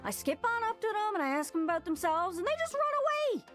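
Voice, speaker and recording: A woman's voice: very high-pitched, very animated, quick pace, a bit bright, soft background music, heavily acted. An actress voicing a chatty, lonely globe woman in a video game, with a Newfoundland accent and a rambling, folksy, over-eager way of talking. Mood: chatty wistful. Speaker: game character.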